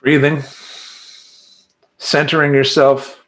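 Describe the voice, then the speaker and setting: A life coach delivers an emphatic, animated motivational monologue, chanting affirmations in rhythmic repetition. His voice sits a little high and his pace is slow.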